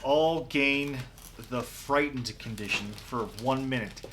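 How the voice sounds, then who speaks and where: A man running a tabletop game as game master, narrating loosely with frequent pauses. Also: mid-range voice, noisy background.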